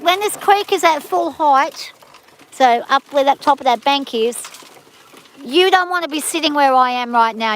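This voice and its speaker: A woman's voice: on the high side, fairly bright tone, slight background noise. A woman with a rural Australian bush accent, chatting plainly and bluntly as she explains gold prospecting beside a creek outdoors. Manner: plain-spoken, blunt and folksy. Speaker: prospecting livestream co-host. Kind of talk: casual explanatory chat.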